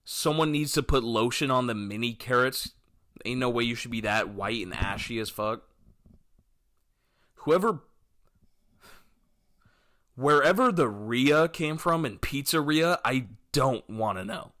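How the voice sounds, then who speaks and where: A young man hosting a solo podcast, rambling through comic stories and acting out scenes in yelpy high voices, self-mocking and loose. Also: animated, unhurried, long pauses, a bit bright. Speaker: podcast host. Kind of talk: solo comedic podcast monologue.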